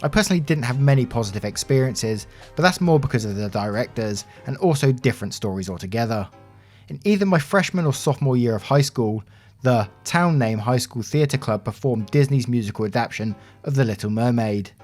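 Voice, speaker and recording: A man reading Reddit stories aloud in an expressive, animated narration. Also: mid-range voice, brisk. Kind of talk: scripted story narration. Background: soft background music.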